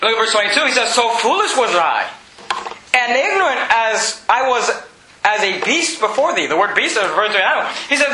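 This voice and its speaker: A man preaching to his congregation, his voice high and ringing bright. He builds up from plain talk to fervent shouting. The sound carries the echo of a church room, with a faint hiss underneath. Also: sing-song, brisk. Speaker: pastor. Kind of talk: sermon.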